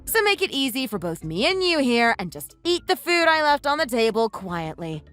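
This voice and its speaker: Synthetic voice of a scornful young wife, high and lively. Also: female voice, normal speed, soft background music. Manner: mocking, scolding. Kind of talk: text-message story voice-over.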